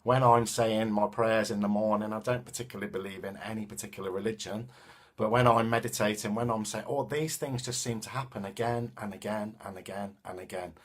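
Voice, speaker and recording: A man's voice: lowish voice, fairly even intonation, fairly quick. A man with a Coventry accent, speaking in a casual, reflective way with frequent hesitations and restarts. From England. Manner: thoughtful, hesitant with many ums and restarts. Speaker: vlogger and self-defense teacher.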